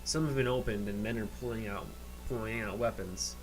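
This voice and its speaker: A man running a tabletop game as game master, narrating in a halting way. He restarts his sentences often, with faint music playing behind him. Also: fairly low pitch, rough recording. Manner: halting, many fillers and restarts.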